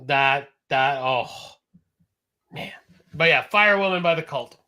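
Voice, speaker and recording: A man with a fairly high, bright and forceful voice co-hosts a relaxed podcast chat. He tends to let his sentences drift off quietly at the end. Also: measured pace. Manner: trails off quietly at the ends of thoughts. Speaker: podcast co-host. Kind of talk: casual chat.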